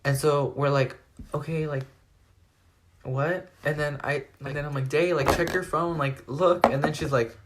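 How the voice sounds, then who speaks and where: A teenage guy recounting a story for his vlog. He rambles along, stacking "like" into almost every phrase as he retells events. His delivery is lively and storytelling-driven. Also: fairly high pitch, a little slow, very noisy. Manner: rambling, animated retelling full of "like". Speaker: vlogger.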